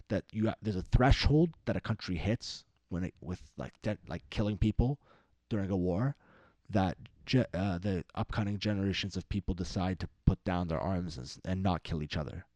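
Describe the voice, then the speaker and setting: A rather low, mellow male voice, young, rambling freely through casual political talk, swearing often and jumping up in pitch to mock others. The sound is dry and close, with no room around it. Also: no room sound. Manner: rambling, profane, mimics other people in raised voices. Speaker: podcast co-host.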